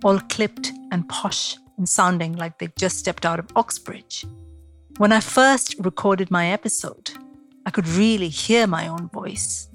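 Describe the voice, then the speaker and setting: Brief: middle-aged woman host, Indian accent with East London traces, low-ish voice, measured and reflective, faint music behind. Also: fairly bright tone. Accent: Indian, mix of Mumbai, Kerala and East London. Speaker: podcast host. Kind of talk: podcast interview and scripted narration.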